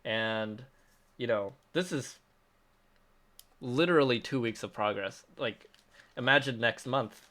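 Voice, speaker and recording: A man's voice: mid-range voice, slow pace, pauses often, sharp tone. A man hosting a casual livestream Q&A, reading out chat questions and answering them in an upbeat, chatty way with frequent laughs and restarts. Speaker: app developer hosting a release livestream.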